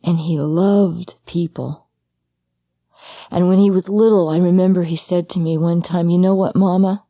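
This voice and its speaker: A middle-aged woman, a psychologist and grieving mother, giving a personal talk on grief, speaking straight to the listener in a halting, intimate way. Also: fairly low pitch, steady tone, dry recording, highs cut off.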